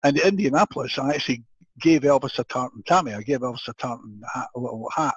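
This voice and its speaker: An older man from Scotland with a Scottish accent, a podcast guest telling an animated story with frequent laughter and restarted sentences. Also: mid-range voice, fast, husky, dry recording. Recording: dull, dry lo-fi audio.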